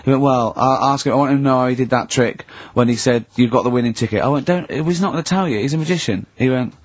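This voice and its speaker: A man hosting a radio show, chatting casually, teasing his co-hosts and telling stories with animated energy. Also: medium pitch, quick pace, dull audio, a little hiss or hum. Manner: joking, teasing, animated storytelling. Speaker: radio host. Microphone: studio microphone.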